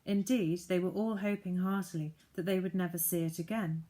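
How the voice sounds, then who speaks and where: A woman narrating a children's novel in a measured, deliberate storybook manner. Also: lowish voice, fairly even intonation, dark tone. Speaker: audiobook narrator.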